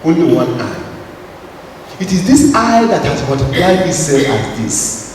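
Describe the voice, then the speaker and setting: Animated priest preaching in an echoey hall. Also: male voice, a little high, measured pace. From Nigeria. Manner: storytelling, leads the audience in call and response. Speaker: Catholic priest. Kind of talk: spiritual talk to a gathering. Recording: echoey hall, voice from far off, noisy.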